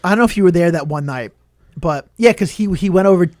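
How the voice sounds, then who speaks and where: A man's voice: high-pitched, fast talker, darkish tone, no room sound. A man from Long Island, a podcast co-host telling loose, profane stories in a studio with chuckles. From Long Island, New York. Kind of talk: casual podcast chat.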